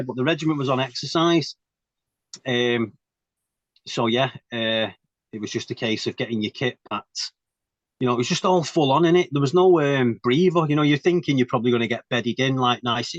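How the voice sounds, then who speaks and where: A man's voice: medium pitch, normal speed, no echo. Laughing, swearing man telling army stories. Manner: laughs often, swears, keeps asking "you know what I mean". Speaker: guest telling his army story. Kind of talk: casual storytelling chat. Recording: dull, dry recording.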